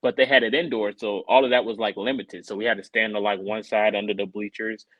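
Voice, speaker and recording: Animated man telling a story on a podcast. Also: lowish voice, quick pace, no room sound, lo-fi sound. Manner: animated, acts out quoted voices. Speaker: podcast co-host. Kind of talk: casual storytelling chat.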